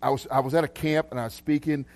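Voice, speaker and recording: A man's voice: medium pitch, fairly even intonation, fast talker, darkish tone. A man preaching a casual sermon to a congregation, chatty and loose, often laughing and restarting his sentences. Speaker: pastor. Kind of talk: casual live sermon with prophetic words. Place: church hall with congregation.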